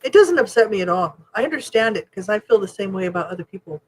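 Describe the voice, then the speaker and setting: A woman co-hosting a podcast, telling stories in a casual chat, openly emotional and animated, acting out what others said. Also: mid-range voice, fast talker, rough recording. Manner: emotional, animated storytelling with quoted voices. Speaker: podcast co-host.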